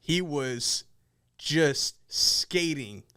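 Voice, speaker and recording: A man with a smooth, clean voice talks at an easy, unhurried pace. He casually breaks down song lyrics on a podcast, stopping now and then to choose his words. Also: on the high side, animated, pushed and bright. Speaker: podcast co-host.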